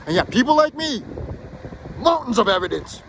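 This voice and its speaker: Furious high-voiced man ranting outdoors. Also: big pitch swings, normal speed, creaky, fairly bright tone, slight background noise. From Canada. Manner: heated, profane, defiant. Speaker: video blogger. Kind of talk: angry outdoor rant to camera. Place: outdoors in a built-up area.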